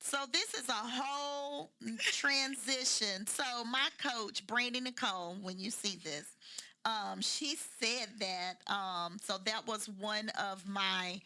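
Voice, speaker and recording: A woman's voice: mid-range voice, slow, bright, forceful tone. An older woman from Louisville with a Kentucky country twang and a soothing voice, chatting as a podcast guest in a folksy way and repeating phrases for emphasis. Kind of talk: casual chat.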